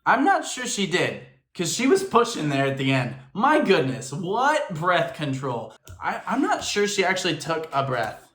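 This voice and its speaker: This reaction video host, also an actor and filmmaker, speaks unhurriedly in a high, fairly bright voice with huge swings in pitch. Enthusiastic and analytical, he dissects singing technique and imitates what he hears, all captured in an echoey room.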